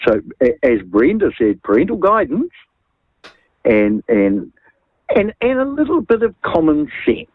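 An older man rings in to talkback radio, opinionated and animated, tripping over repeated words. His husky voice swings lively in pitch, and the thin phone line comes through dry and close. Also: a little slow, no echo. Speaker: radio caller.

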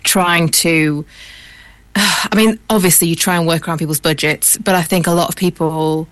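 A woman talking shop as a voice actor, chatty and self-deprecating with easy laughter. Her voice sits a little low for a woman. It is recorded dry, with no room sound. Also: fairly even intonation, moderate pace, a bit bright, no room sound. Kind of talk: casual chat.

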